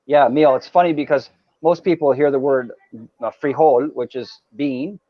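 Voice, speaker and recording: A man's voice: medium pitch, steady tone, normal speed, dry recording. A man chats easily as a guest, circling back and restarting his sentences as he tells his stories. The sound is dry and close, with a slightly dull, lo-fi band. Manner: chatty storyteller with many restarts. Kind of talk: casual chat.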